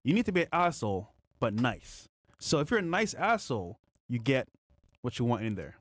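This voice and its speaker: A man's voice: medium pitch, very animated, a little fast. A man co-hosting a podcast in casual chat, joking and laughing as he talks. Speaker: podcast co-host.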